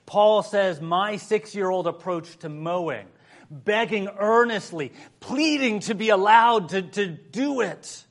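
A man preaching a sermon in a somewhat high voice. He tells personal stories with dry humorous asides. His delivery drops to a hush in prayer and rises when he stresses a point. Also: slow. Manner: storytelling with humorous asides, shifting from soft prayer to lively emphasis. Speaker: pastor.

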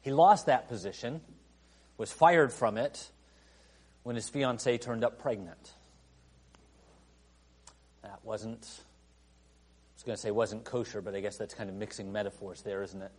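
A man preaching a sermon in a conversational way, full of "you know" fillers, who rises to emphatic outbursts and then drops quiet. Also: lowish voice, a little slow, long pauses. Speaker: pastor.

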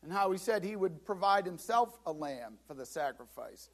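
A man preaching a sermon as pastor, lively and dramatic, acting out scripture scenes and often repeating words as he restarts. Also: high voice, moderate pace. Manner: animated preaching, acts out Bible scenes.

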